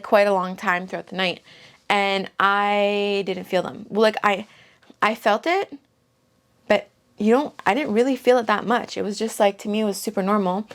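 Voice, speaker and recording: Chatty young woman telling a story. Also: medium pitch. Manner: chatty, peppered with "like". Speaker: vlogger. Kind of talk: casual storytelling.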